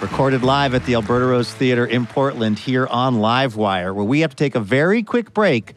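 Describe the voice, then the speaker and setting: A man hosting a radio show, reading an upbeat, smooth link to a break. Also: medium pitch, animated, moderate pace, over music. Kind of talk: scripted radio host link.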